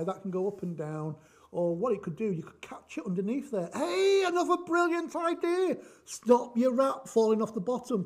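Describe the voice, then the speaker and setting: A man with a notably high voice walks through a craft project in a loose, chatty tutorial. He jokes, rambles and works out ideas aloud as he goes. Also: warm tone. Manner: jokey, rambling, thinks aloud. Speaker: craft demonstration host.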